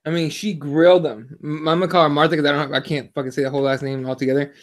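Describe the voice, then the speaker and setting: Excitable, profane man with a high voice. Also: rapid-fire. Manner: profane, excitable, animated storytelling. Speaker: podcast co-host. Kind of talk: casual podcast chat.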